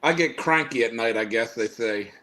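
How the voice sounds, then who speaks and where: A man's voice: medium pitch, moderate pace, sharp tone. A man hosting a casual chat from his home bar and studio, laid-back and swearing freely. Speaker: host.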